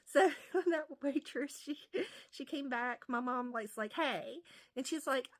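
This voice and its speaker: High-voiced woman telling a rambling story. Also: a little slow. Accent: Appalachian. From West Virginia. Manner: rambling, many fillers and restarts. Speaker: comedian vlogger. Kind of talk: casual storytelling.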